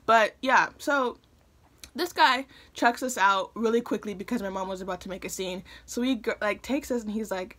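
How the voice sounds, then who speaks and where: A woman in her early twenties from Michigan, telling a personal story to a phone camera in a chatty way, with lots of fillers and quick asides. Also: mid-range voice, fairly bright tone. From Michigan, USA. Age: early 20s. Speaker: vlogger. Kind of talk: casual storytime.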